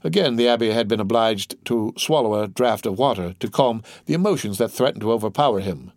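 Steady male audiobook narrator. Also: on the low side, fairly quick, dry recording, studio quality.

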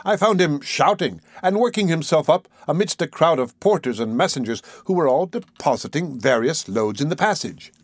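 A man reading a classic novel aloud in a measured, expressive way. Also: a little high, no echo. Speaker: audiobook narrator. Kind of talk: scripted narration of a classic novel.

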